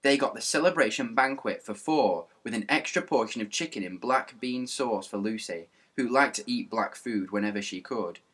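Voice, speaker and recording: A man reading a children's book aloud with lively narration and character voices. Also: medium pitch, moderate pace, hardly any pauses. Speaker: reader.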